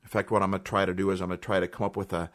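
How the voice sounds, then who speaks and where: A man's voice: deep voice, flat delivery, racing, fairly bright tone. A man hosting a podcast, talking earnestly and emphatically in a motivational monologue, repeating phrases for effect. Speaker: podcast host.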